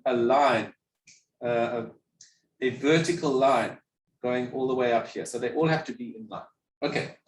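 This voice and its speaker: A man's voice: mid-range voice, a little hiss or hum. A man giving a music theory lecture, patiently asking questions and answering them himself. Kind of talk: classroom lecture. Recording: echoey room, mic at a distance.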